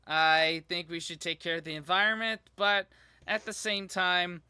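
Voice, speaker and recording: American guy reacting to a clip, high bright voice, kinda halting, dry close sound. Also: clear, resonant tone, dry recording. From United States. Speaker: reaction video host. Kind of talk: casual chat.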